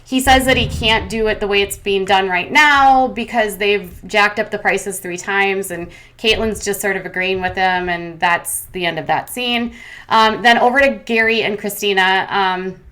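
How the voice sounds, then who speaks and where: A woman talking through a recap in a casual, chatty way, dropping opinions as she goes. Her voice sits at a middle pitch, loose and filler-heavy. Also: normal speed, sharp tone. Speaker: commentary host.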